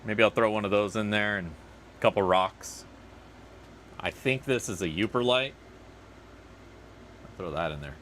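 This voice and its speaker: A man's voice: on the low side, moderate pace, long pauses, a bit bright, a little hiss or hum. A man hosting a casual livestream outdoors, rambling and chatty as he answers viewer comments. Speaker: livestream host.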